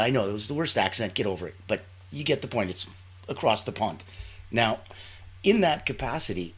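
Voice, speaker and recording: A man's voice: medium pitch, breathy edge. A man hosting a live online show in an upbeat, playful way, with sound-effect interjections. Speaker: show host.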